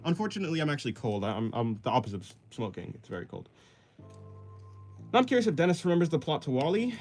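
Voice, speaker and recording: Rambling streamer man with a lively voice. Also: fairly high pitch, quick pace, soft background music. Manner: rambling, self-deprecating, laughs often. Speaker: art livestreamer. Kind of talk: casual livestream chat while sketching, reading chat aloud.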